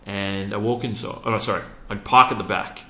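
A man's voice: on the low side, fairly even intonation, fairly quick, bright, forceful tone, reverberant. A man with an Australian accent speaking in an interview, earnestly telling a personal story with many ums. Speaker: interview guest, youth program founder.

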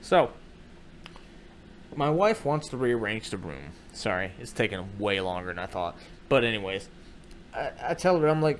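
Animated, foul-mouthed male storyteller. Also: lowish voice, moderate pace, slight background noise. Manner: animated, profane, swings into loud quoted voices. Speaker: comedic storyteller. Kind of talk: casual comedic storytelling.

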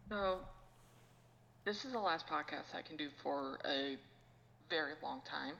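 A woman guest on a casual podcast, with deadpan, mock-menacing banter. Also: low-pitched, a little slow, creaky, big-room sound, dull audio, slight background noise.

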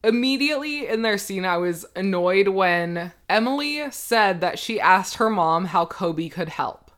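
A woman's voice: medium pitch, lively intonation, unhurried, a bit bright. A young woman co-hosting a podcast, giving casual, indignant opinions on a reality show and laughing often. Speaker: podcast co-host.

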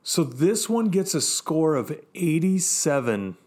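A man's voice: fairly high pitch, very animated, slow pace, darkish tone. A man co-hosting a podcast, chatting casually with eager, upbeat reactions. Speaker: podcast co-host. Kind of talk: casual tasting chat.

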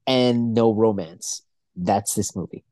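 A young man co-hosting a casual podcast chat, rambling and swearing a lot as he gets excited. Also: fairly low pitch, slow, no echo. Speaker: podcast co-host.

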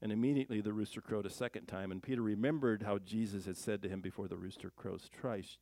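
A male Bible teacher with a gravelly, low-textured voice, recorded close and dry. He reads scripture aloud, then comments on it in a loose, conversational way. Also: fairly even intonation, fast, mellow, dry recording. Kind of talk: casual verse-by-verse Bible teaching.

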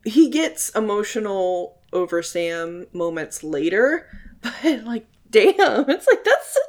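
A woman's voice: mid-range voice, sing-song, slow pace. A woman in casual chat about a TV episode, emotional and thinking aloud with many fillers, swearing casually.

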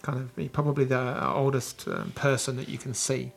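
A man's voice: mid-range voice, fairly even intonation, normal speed, gravelly, soft background music. A man narrating a tabletop game as game master, hesitant and full of restarts. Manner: hesitant, many fillers and restarts.

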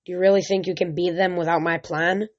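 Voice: mid-range voice, fairly even intonation, quick pace, natural voice. A reader voicing a grim young demigod boy speaking in a whisper, in a dull lo-fi recording.

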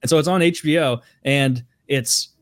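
A man's voice: mid-range voice, normal speed, no echo, studio quality. A man in casual podcast chat, insistent and emphatic, swearing freely as he explains.

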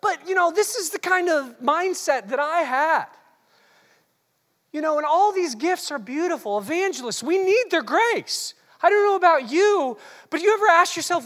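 A preacher delivering an animated, teasing sermon that swings between quiet asides and shouted bursts, recorded in a large hall. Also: very high-pitched, moderate pace. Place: large hall with long reverb. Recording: long hall reverb.

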